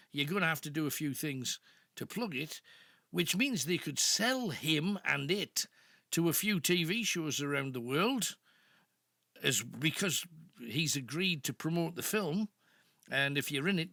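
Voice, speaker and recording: An older man with a Geordie, Northeast English accent hosts a late-night radio phone-in, spinning rambling anecdotes. His voice is fairly high, creaky and bright with a forceful tone, captured on a studio microphone with studio-quality sound and no echo.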